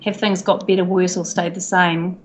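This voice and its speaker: A woman with a New Zealand accent, a guest talking through a video call in a relaxed, thoughtful way. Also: fairly low pitch, moderate pace. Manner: thoughtful, relaxed, some fillers. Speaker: guest, senior safety executive. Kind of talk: casual interview.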